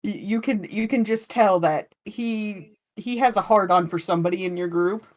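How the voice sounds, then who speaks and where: A woman narrating a tabletop game as game master in a casual, relaxed way with many fillers. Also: mid-range voice, normal speed.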